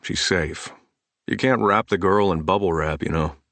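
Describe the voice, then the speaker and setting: A man's voice: sits low, normal speed, a bit bright, no room sound. A man voicing an amused, reassuring grown male friend in an audiobook. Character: easygoing grown male friend, teasing, calming. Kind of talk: audiobook character voice.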